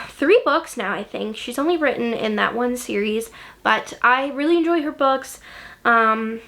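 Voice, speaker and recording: A young woman book vlogger chats casually, gushing about books she loves with lots of ums and likes. Her voice is on the high side, pushed and bright.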